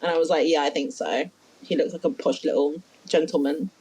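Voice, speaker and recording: A woman's voice: low voice, steady tone, a little fast, darkish tone, breathy edge. A woman co-hosting a podcast, chatting casually and easily amused. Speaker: podcast co-host. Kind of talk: casual chat.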